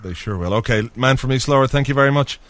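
A man's voice: medium pitch, fast, fairly bright tone. A man hosting a casual podcast, jokey and self-mocking as he links the segments. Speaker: podcast host.

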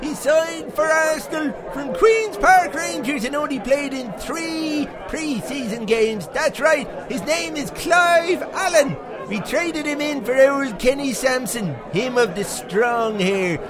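Shrill, foul-mouthed pub regular. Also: male voice, slow pace, few pauses, a crowd in the background. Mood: blunt. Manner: crude, rambling, swears constantly, excitable storytelling. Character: foul-mouthed Irish pub regular, middle-aged man, boastful and crude. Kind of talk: comic character monologue.

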